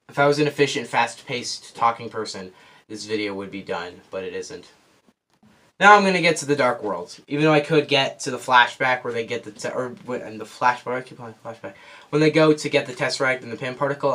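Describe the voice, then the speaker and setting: A man's voice: medium pitch, fairly bright tone. Breathless rambling male movie reviewer. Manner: rambling, loses track and restarts. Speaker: film reviewer. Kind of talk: casual spoiler movie review.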